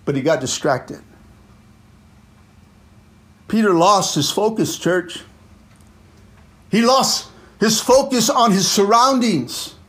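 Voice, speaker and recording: A man preaching a fervent sermon as pastor, constantly dropping "amen" and "come on," and swinging between loud exclamations and low, quiet asides. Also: expressive, slow, pauses often.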